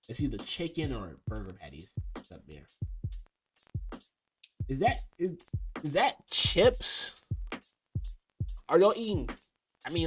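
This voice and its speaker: A young man talking casually as he ranks food, rambling and restarting his sentences. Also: mid-range voice. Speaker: video creator ranking food. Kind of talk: casual commentary. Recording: music playing behind.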